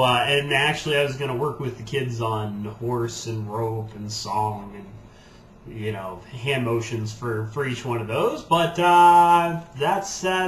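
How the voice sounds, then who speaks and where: A man's voice: medium pitch, fairly bright tone. A man telling corny cowboy jokes for kids in a playful way, chuckling at his own punchlines. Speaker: ukulele performer telling jokes. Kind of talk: corny kids' jokes and sing-along. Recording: roomy echo with banjo music.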